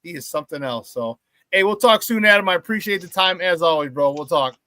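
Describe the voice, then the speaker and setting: A man hosting a sports talk show, talking excitedly and casually with many restarts and repeated phrases. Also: a little high, a little fast, no room sound. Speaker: sports radio host.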